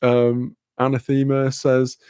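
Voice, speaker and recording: A man's voice: mid-range voice, completely flat delivery, slow pace, warm tone, clear, resonant tone, no echo, studio quality. Laid-back Welsh man chatting on stream. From Wales. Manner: laid-back, swears freely, laughs often, reads chat aloud. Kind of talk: casual live-stream chat.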